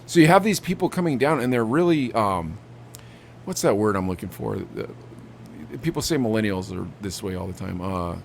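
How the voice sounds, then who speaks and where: A young man co-hosting a podcast, telling animated stories about customers at his vape shop and acting out what they said. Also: lowish voice, moderate pace, creaky, slight background noise. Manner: animated storytelling, acts out customers. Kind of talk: casual chat.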